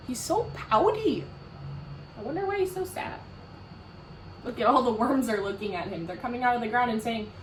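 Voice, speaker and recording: A woman teacher reading a picture book aloud to children, animated and full of questions, with a roomy echo from a distant mic. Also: a little high, normal speed, pauses often, a little hiss or hum. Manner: animated, asks questions, laughs.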